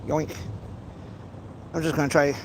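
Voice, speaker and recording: A man's voice: fairly high pitch, level tone, unhurried, noisy background. A man casually chatting to his livestream viewers while fishing outdoors, rambling with many restarts and playful teasing. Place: outdoors by a pond.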